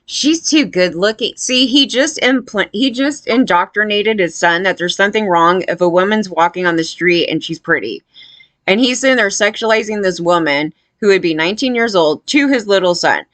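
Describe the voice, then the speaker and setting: A woman talking straight to the camera in casual, blunt commentary, rambling and full of fillers. Her pitch sits in the middle, and the recording is dry and close. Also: expressive, moderate pace, fairly bright tone, dry recording.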